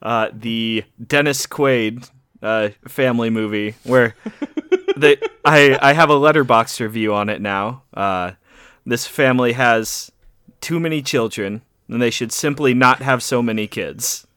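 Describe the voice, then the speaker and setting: A man's voice: mid-range voice, a little slow, fairly bright tone, clean tone, no echo, clean studio sound. A man co-hosting a podcast, chatting casually about a movie and laughing often as he tells stories. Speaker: podcast co-host. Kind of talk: casual chat.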